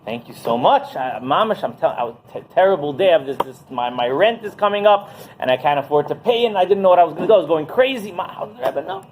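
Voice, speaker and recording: A man acting out an angry, desperate townsman who shouts and then blurts out his money worries. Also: high-pitched, animated, fast, slight background noise. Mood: frantic. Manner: shouting, frantic.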